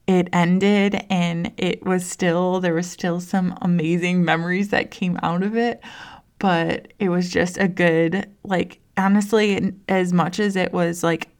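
A young mother chats with listeners about parenting in a lowish, slightly mellow voice with a steady tone, speaking a little slowly. Her casual personal stories are full of "like" and frequent restarts.

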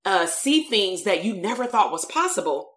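Animated storytelling woman from Compton. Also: mid-range voice, moderate pace. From Compton, California. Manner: animated storytelling with slang and fillers. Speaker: therapist. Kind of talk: storytelling talk.

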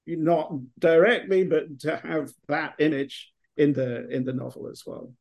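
A middle-aged man with an English accent, speaking in a fairly high voice for a man. He rambles in long, winding answers, full of restarts and fillers, as a podcast guest. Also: fairly even intonation, a little slow, vocal fry, a little mellow. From England. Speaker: author guest. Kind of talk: podcast interview.

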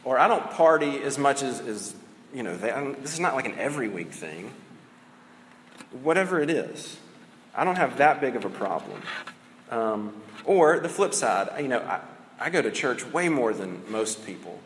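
A man's voice: medium pitch, sing-song, normal speed, long reverb tail, slight background noise. A man preaching a sermon as a pastor, conversational and casual, often saying "like" and "right?".

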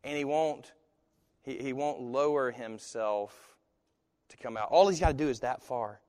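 A man preaching a sermon as pastor, swinging from hushed, slow phrases to loud, emphatic ones. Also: mid-range voice. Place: church sanctuary. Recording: long hall reverb.

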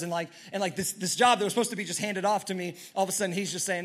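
Earnest male preacher, higher voice. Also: very fast, hardly any pauses. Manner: earnest storytelling with many restarts and swings in loudness. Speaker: pastor. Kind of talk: sermon. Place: church stage.

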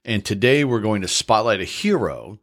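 Casting: deep-ish male podcast co-host, earnest explainer with a playful streak. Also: very animated, moderate pace, fairly bright tone. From American Midwest. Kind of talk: casual chat.

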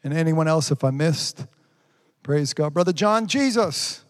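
A man with a notably high voice leads a livestreamed sermon. He speaks fervently, reading out viewers' comments and breaking into exclamations of praise. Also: lively intonation, a little slow. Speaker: pastor.

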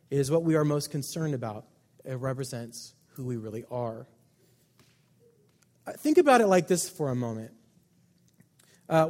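A man preaching a sermon as pastor, emphatic, with loud stresses and quiet asides. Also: on the high side. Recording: long hall reverb.

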